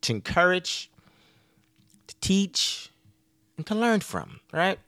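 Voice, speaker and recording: Lively, bright-voiced man rambling casually. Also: sits high, slow, no room sound, clean studio sound. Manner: rambling, profane, laughs often. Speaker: podcast host. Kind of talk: casual podcast monologue.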